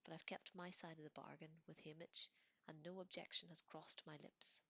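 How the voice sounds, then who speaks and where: A woman giving a soft, half-whispered reading of a novel in a low-key way, with small slips. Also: flat delivery, moderate pace, no room sound. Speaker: audiobook reader.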